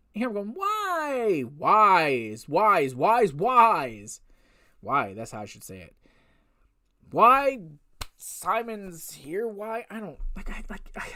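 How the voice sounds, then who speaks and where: Woman host, casual review; exasperated rants and rhetorical questions at an unhurried pace. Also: a little high. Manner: exasperated ranting with frequent swearing; repetitive restarts and rhetorical questions. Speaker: wrestling show reviewer.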